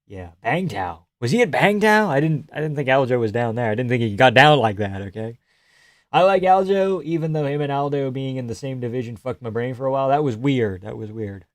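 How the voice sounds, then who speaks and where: A man's voice: medium pitch, expressive, a little fast, dry recording, studio quality. Swearing, laughing male fight streamer. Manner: swears a lot, laughs often, rambling. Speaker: live streamer. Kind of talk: casual live fight commentary. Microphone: headphones on, close mic.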